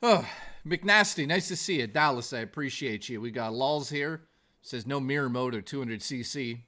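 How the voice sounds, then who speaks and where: A man's voice: medium pitch, moderate pace, bright, forceful tone. A man hosting a live stream in a jokey, rambling way, greeting chat viewers by name.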